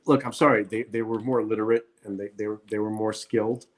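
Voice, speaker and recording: A man co-hosting a podcast speaks in a blunt, ranting way, hammering his points with emphatic repetitions. His voice is fairly low with a steady tone and a quick pace, and the talk is casual, opinionated chat.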